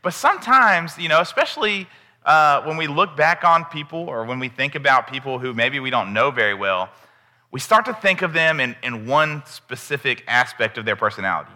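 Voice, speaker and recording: A man's voice: mid-range voice, lively intonation, moderate pace, pushed and bright, in a large hall. A man giving a candid, conversational sermon in a church. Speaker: preacher. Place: church sanctuary.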